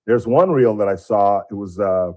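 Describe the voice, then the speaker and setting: A man's voice: on the low side, normal speed, warm tone. A middle-aged male radio host chatting casually and rambling through anecdotes in the studio. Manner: rambling storyteller, imitates voices in anecdotes.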